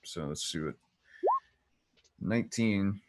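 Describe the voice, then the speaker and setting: A young man with a very low voice chatting through a tabletop game. He jokes bluntly and teases the others in loose, casual talk. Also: slow pace, noisy background. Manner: blunt, joking banter. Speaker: player. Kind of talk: casual gaming chat.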